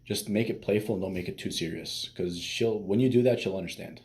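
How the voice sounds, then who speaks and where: A young man with a low, mellow voice talks through dating advice in a loose, conversational way. He restarts his sentences often and drops in fillers as he goes. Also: brisk. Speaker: dating coach. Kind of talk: casual advice talk.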